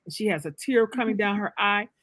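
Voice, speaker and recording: A woman's voice: medium pitch, a little fast, fairly bright tone, no room sound. A woman author being interviewed, telling her story in an emphatic, preacherly way with big swings of energy. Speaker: author, guest. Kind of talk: casual livestream interview.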